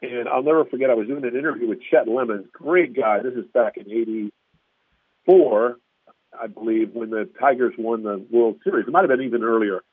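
A man's voice: mid-range voice, moderate pace, dry recording. A man, a sports radio reporter, telling stories in casual chat and acting out quotes in raised voices. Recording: tinny phone-line sound, dry.

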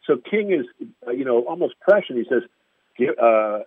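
A man's voice: medium pitch, big pitch swings, moderate pace, breathy edge, dry recording. A man, a sports radio reporter, telling stories in casual chat and acting out quotes in raised voices. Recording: tinny phone-line sound, dry.

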